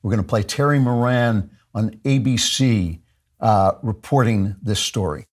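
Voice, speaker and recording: Husky man in a furious monologue. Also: fairly low pitch, measured pace. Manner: intense, repetitive, stumbling over words. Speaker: political talk show host. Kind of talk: impassioned monologue.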